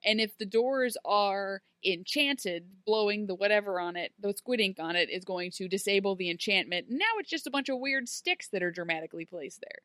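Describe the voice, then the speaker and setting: Woman, casual recap chat, animated delivery, dry close sound. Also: mid-range voice, normal speed, hardly any pauses, no echo. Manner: animated, acts out characters' lines. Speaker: podcast co-host.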